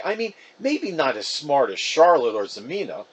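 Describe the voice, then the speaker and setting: A man, a local actor, reading a children's novel aloud in an expressive, animated first-person voice. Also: fairly high pitch, normal speed, husky, rough recording.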